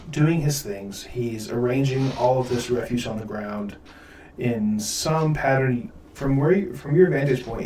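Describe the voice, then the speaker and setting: A man's voice: mid-range voice, darkish tone, a little hiss or hum. A man narrating as game master, rambling with many fillers, recorded with room echo from a distance. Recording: roomy audio from far off mic.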